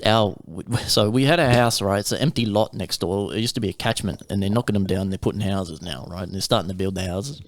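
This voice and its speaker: A man's voice: low-pitched, fast talker, few pauses. A young man telling a rambling, sweary story in casual podcast chat. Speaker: podcast co-host.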